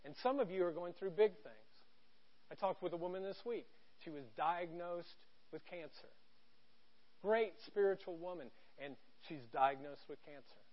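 A middle-aged man preaching a sermon from a church stage, conversational and joking, going from quiet to loud. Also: high voice, normal speed, lo-fi sound. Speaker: pastor.

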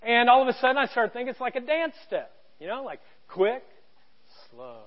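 A male pastor giving a conversational, animated church sermon and acting out quotes. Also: extremely high pitch, moderate pace, lo-fi sound.

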